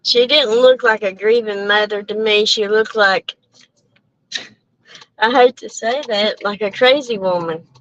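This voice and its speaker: A woman's voice: mid-range voice, unhurried, a bit bright, dry recording, highs cut off. A woman chatting casually with live viewers from her car, rambling and breaking off with laughs, a little out of breath. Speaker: channel host. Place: in a car while driving. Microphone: headphones with mic.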